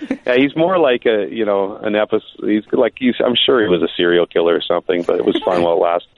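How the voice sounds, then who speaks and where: A man's voice: fairly low pitch, fast, creaky. A male sportscaster calling into a podcast as a guest and telling a story with jokes. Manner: joking storyteller. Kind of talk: phone-in podcast chat. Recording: tinny phone line.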